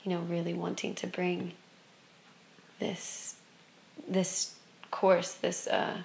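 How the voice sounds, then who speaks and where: Gravelly-voiced woman telling a heartfelt story. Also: lowish voice, slow pace, slight background noise. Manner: expressive, swings from loud excitement to hushed softness. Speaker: guest telling a personal story. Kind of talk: candid spiritual storytelling.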